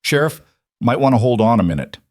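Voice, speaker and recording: A man voicing a calm, weathered ranch hand who speaks with quiet authority. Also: mid-range voice, fairly quick, no echo, clean studio sound, close to an everyday voice.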